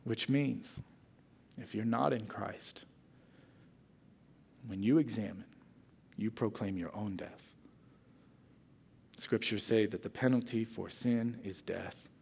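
A man preaching a sermon as pastor, telling a humorous story and then leading his congregation in quiet, earnest prayer. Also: lowish voice, takes it slowly, vocal fry, long pauses, slightly rough. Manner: storytelling, reads a humorous story aloud with lively emphasis.

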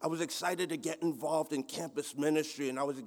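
A man reading scripture aloud, then telling a personal story in a slow, earnest manner. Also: a little high, fairly even intonation. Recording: long hall reverb.

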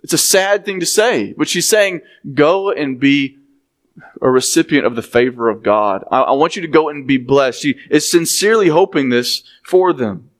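A man's voice: on the high side, animated, normal speed. A man preaches a sermon. He reads scripture passages aloud and then explains them in a conversational way, turning to the congregation with asides.

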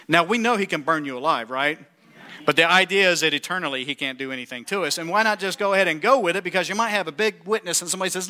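A pastor preaching a lively sermon, asking the congregation rhetorical questions and reading scripture aloud. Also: male voice, on the high side, brisk. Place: church.

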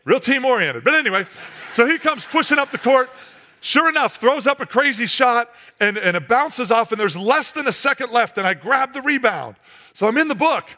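A man preaching a sermon, telling a comic story as an animated storyteller who drops to a hush for effect. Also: extremely high pitch, normal speed.

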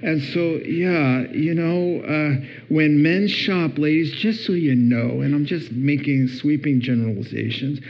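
Animated middle-aged man giving a humorous marriage talk. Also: measured pace, hardly any pauses. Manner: animated, acts out voices with big pitch jumps. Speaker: speaker on marriage. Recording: dull lo-fi recording.

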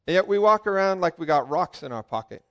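A man preaching a lively sermon, joking with his congregation and asking them questions. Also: sits high, fast talker. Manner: joking, asks the crowd questions, swings from loud calls to quiet asides.

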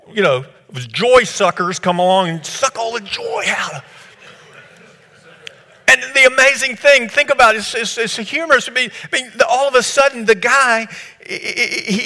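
A man preaching a sermon, moving between quiet scripture reading and loud, excited retelling. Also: high-pitched, big-room sound. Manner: animated, swings from hushed scripture reading to loud excited storytelling.

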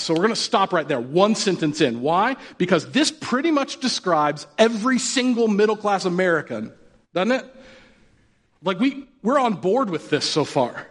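A man's voice: high-pitched, very animated, normal speed. A male pastor delivers a sermon with a slightly raised voice, talking like he is chatting with friends. He jokes and keeps asking his listeners questions. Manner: casual and joking, asks the audience questions. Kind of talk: conversational sermon.

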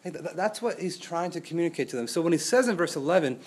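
A young man preaches in a loose, conversational way, his voice sitting a little high for a man. He stays animated throughout and keeps throwing rhetorical questions at his listeners. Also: fast, slightly rough. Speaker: pastor. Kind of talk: sermon.

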